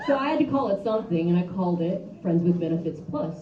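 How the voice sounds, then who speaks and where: A woman's voice: medium pitch, animated, brisk. A woman performing a stand-up comedy set at a brewery open mic, telling crude stories in a bold, chatty way. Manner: bold, crude, conversational storytelling. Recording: roomy, distant, dull, noisy live room.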